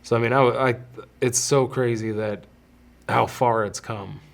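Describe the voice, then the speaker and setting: A man's voice: mid-range voice, steady tone, measured pace, creaky. Candid man telling stories on his podcast. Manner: candid, rambling with frequent restarts. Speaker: podcast host. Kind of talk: casual storytelling.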